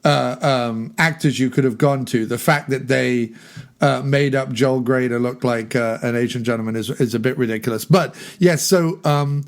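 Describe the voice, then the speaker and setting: A man's voice: medium pitch, moderate pace. A man chatting casually about a film, digressive and laughing at his own jokes. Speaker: podcast film discussion guest.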